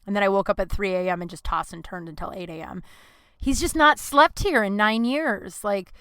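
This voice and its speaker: Podcast host, young woman, bright crisp voice, dry close mic, emotional rambling monologue. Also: mid-range voice, moderate pace, no echo. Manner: emotional, rambling, swears freely, voice swings up when upset. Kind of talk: casual personal podcast monologue.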